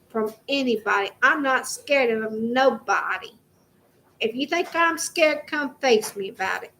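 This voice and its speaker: A young woman with a high voice talks straight to the camera from her home in a heated, swearing rant that keeps circling back on itself. Faint room noise sits under her voice. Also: sharp tone, poor audio. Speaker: vlogger. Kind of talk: angry direct-to-camera rant.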